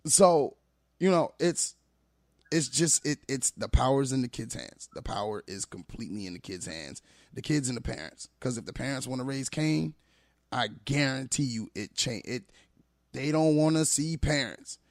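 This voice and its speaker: A man who works as a teacher, talking as a guest on a podcast, telling animated, emphatic stories. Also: medium pitch, normal speed, no room sound, clean studio sound. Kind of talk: casual podcast conversation.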